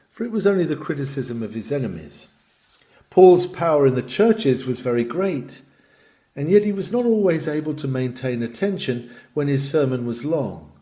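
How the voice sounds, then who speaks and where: A man's voice: medium pitch, warm tone. A man reading a sermon aloud with a dramatic, emphatic delivery that swells and drops. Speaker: sermon reader. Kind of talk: read-aloud sermon narration.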